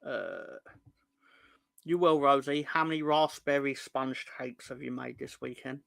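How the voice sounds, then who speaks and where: Bright, chatty man. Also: medium pitch, a little slow, creaky, dry recording. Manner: rambling, jokey, sweary banter with chat. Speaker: fan channel host. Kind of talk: casual live-stream chat.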